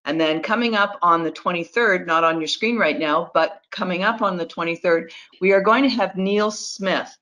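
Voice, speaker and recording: A woman's voice: on the low side, moderate pace, few pauses, fairly bright tone. A woman moderating a webinar over a video call, chatty and friendly, with fillers as she introduces the speaker.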